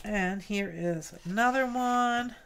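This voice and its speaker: A woman's voice: mid-range voice, slow, fairly bright tone, a little hiss or hum. A woman hosting a craft livestream, chatting casually and cooing over mail she opens, a little tired. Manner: cooing and chatty, greets viewers by name. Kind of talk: casual chat opening mail.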